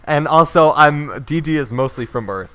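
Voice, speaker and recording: A man's voice: on the high side, expressive, moderate pace, a crowd in the background. A man hosting a casual podcast, joking and steering the talk from one segment to the next. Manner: upbeat, joking, leads the segments. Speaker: podcast host.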